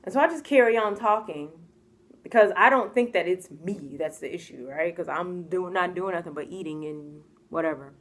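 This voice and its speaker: Chatting through a personal story for her casual vlog, this young American woman speaks at a normal speed with a voice on the low side. She laughs a lot and keeps performing other people's lines with plenty of expression.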